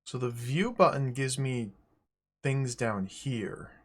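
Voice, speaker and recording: A man streaming a game live, talking through it aloud in an excitable, joking way. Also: mid-range voice, slow pace. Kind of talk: casual live gameplay commentary.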